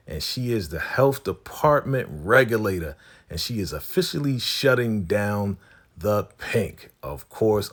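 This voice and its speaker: Man, very low husky voice, chatty TV recap host who acts out characters' lines. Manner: chatty, keeps saying "right?" and "your girl". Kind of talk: casual TV episode recap.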